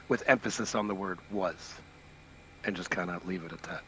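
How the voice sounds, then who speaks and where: A man's voice: deep voice, moderate pace, a bit bright, a little hiss or hum, low-quality recording. A man playing in a tabletop game, chatting casually and laughing often in an upbeat way. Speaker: player. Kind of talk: casual tabletop play and chat.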